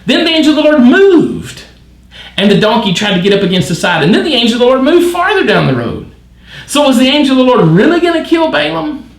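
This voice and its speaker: A man reads scripture at a Bible study and then muses over it, animated and full of questions. His voice sits high and swings widely in pitch. The recording has a noticeable room echo. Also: quick pace, creaky. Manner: animated, wondering aloud with many questions. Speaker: church Bible teacher. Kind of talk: midweek Bible study reading and commentary.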